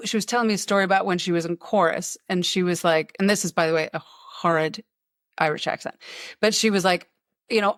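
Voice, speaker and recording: A woman's voice: on the low side, fairly quick, no room sound. Chatty woman podcast host, dry close sound. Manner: chatty, storytelling with asides and impressions. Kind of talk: casual chat.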